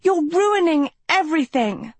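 A woman voicing a vain teenage girl who longs to be a princess, shrill and high-strung. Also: expressive, a little slow, no room sound. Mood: furious.

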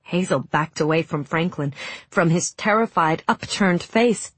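A woman narrating a story in a hushed, emotive reading that sinks to near whispers, with a breathy voice. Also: lowish voice, measured pace, dry recording. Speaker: audiobook narrator. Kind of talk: scripted narration.

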